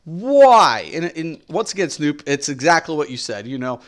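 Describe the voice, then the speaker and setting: An exasperated middle-aged man rants on a game stream, hammering his points home by repeating them. He swears freely and talks straight at his viewers. His voice sits a little on the high side. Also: a little fast, fairly bright tone. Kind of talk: ranting stream commentary.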